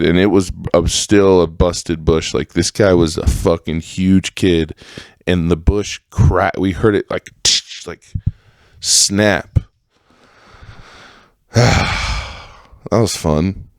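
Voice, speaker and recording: Deep and smooth, a man's voice carries a casual storytelling monologue on his own podcast, wandering through old tales with plenty of profanity. He becomes animated whenever he mimics someone else, and the studio sound is clean and dry.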